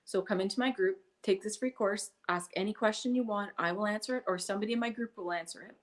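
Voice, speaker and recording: A woman's voice: mid-range voice, quick pace. A middle-aged woman, a guest in a casual interview, talking enthusiastically about her online business and acting out little quoted exchanges. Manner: enthusiastic, animated storytelling with acted-out quotes.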